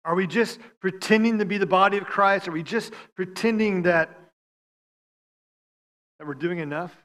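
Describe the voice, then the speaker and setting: Bright high-voiced male pastor preaching. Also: normal speed. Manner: stammering restarts, swings from loud to hushed. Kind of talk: sermon.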